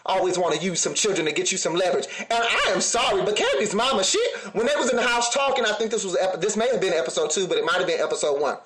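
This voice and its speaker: A man's voice: high-pitched, animated, fast, hardly any pauses, reverberant, a crowd in the background. A man giving a sassy, laughing commentary, talking straight to his viewers. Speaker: reality TV reviewer.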